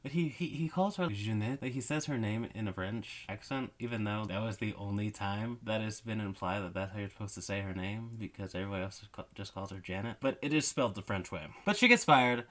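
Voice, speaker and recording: A man's voice: fairly low pitch, fast talker, hardly any pauses, a bit bright. A man giving a casual movie recap, rambling and correcting himself with wry asides. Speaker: movie reviewer.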